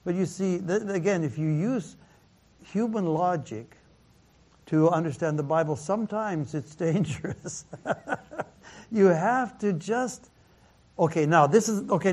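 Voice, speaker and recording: Slow-talking pastor, halting and repetitive. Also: male voice, fairly high pitch, a little mellow. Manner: halting, repeats words, laughs often, mixes in Mandarin phrases. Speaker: pastor teaching a Bible class. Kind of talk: sermon-style Bible teaching.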